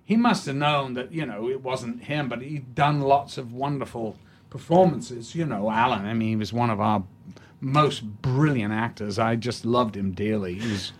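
An older man from England, a guest in an interview, spinning stories with lots of animation. His voice sits at a middling pitch and he talks in a relaxed, unhurried way. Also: a little hiss or hum. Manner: animated storyteller, acts out quotes. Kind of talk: anecdotal interview chat.

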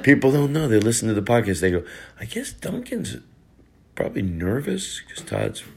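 A man's voice: on the low side, sing-song, brisk, creaky, a little mellow. A middle-aged man hosting a podcast, joking in a rambling, casual way. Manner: jokey, rambling, repeats bits for laughs. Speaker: podcast host. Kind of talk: casual comedic chat.

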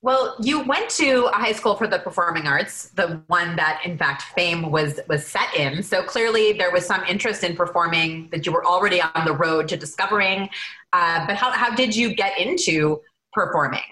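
Podcast co-host lady, admiring fan, lowish voice, sharp bright tone. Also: moderate pace, low-quality recording. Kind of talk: enthusiastic podcast intro.

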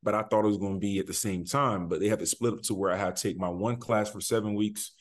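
Young male athlete guest, lowish voice, loose, rambling answers full of "you know.". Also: quick pace. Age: young adult. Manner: relaxed, rambling, many fillers and restarts. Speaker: college football player guest. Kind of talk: casual interview answers.

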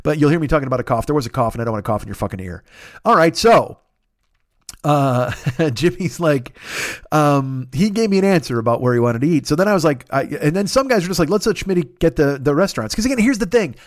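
A man in his fifties hosting a casual solo podcast, rambling and swearing as he tells animated stories. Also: fairly high pitch, fast, no room sound, studio quality. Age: 50s. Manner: profane, rambling, animated storytelling. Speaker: podcast host.

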